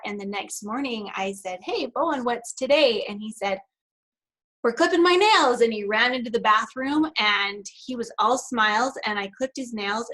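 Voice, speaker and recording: A woman's voice: mid-range voice, bright, forceful tone, poor audio. A woman giving a virtual conference talk as a practitioner, telling a story conversationally with laughs and then reading prepared remarks. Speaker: NLP practitioner and speaker.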